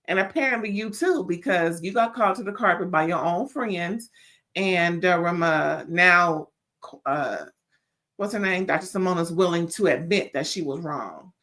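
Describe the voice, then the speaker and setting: A woman hosting a casual reality TV review, sassy and animated, calling listeners "child" and stammering when riled up. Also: on the low side, normal speed. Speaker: reality TV recap host.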